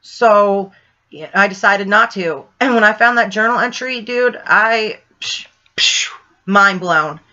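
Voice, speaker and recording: A woman ghost hunter telling a rambling, excitable story in a casual vlog, full of fillers. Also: medium pitch, a little slow. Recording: dull lo-fi sound.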